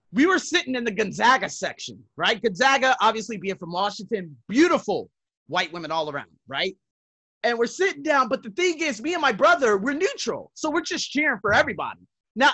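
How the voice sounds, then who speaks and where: A man hosting a self-help podcast, telling casual stories with swearing and laughter, swinging between loud and soft. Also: extremely high pitch, no echo. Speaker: podcast host. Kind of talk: casual storytelling monologue.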